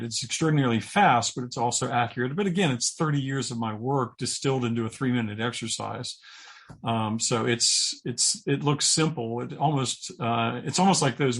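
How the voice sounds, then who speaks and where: A man's voice: medium pitch, husky. A middle-aged man, a guest coach in an interview, talking earnestly and often restarting his words as he thinks. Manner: earnest, halting, repeats words while thinking. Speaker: guest, purpose coach and speaker. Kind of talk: interview conversation.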